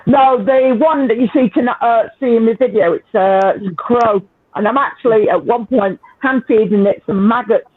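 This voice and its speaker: A man's voice: very high voice, normal speed, no echo. A man with a Northern English accent hosting a casual live chat, talking freely, swearing and laughing often. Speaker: livestream host. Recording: tinny phone-like line.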